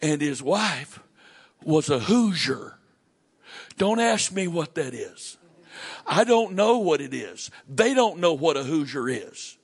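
A gravelly-voiced preacher with a Southern US accent, his pitch leaping high and dropping low as he preaches. He takes his time, then bursts into shouted lines before sinking to a near-whisper. A middle-aged man. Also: big pitch swings, takes it slowly. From southern United States. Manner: swings between shouted emphasis and hushed near-whispers. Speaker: pastor. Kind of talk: sermon.

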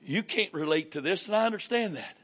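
A middle-aged man with a Southern US accent preaching a sermon. He moves from shouted emphasis down to hushed near-whispers. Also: high-pitched, animated, brisk. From southern United States. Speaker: pastor.

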